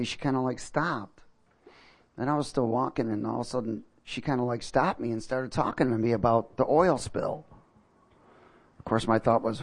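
Gravelly-voiced male pastor preaching. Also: medium pitch. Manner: fervent preaching, rises to loud exclamations. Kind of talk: sermon with prayer and personal story.

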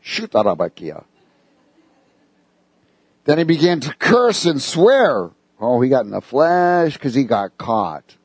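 A man's voice: fairly high pitch, very animated, a little slow, darkish tone, slightly rough, dry recording. A man preaching a sermon who reads scripture and asks the congregation questions in a casual, conversational way.

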